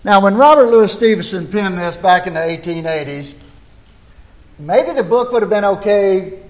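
A man's voice: sits high, expressive, moderate pace. An older American man preaching a folksy sermon in a church, talking chattily into a microphone and asking rhetorical questions. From United States.

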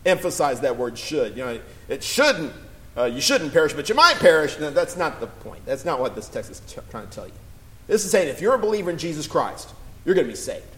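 A man preaching a sermon, earnest and building to emphatic appeals, with scripture read slowly. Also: mid-range voice, poor audio.

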